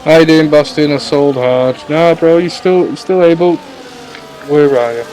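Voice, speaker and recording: A man's voice: on the high side, normal speed, warm tone, a little hiss or hum. A man, the league's owner, giving chatty live commentary on a sim race and talking to viewers and his co-host.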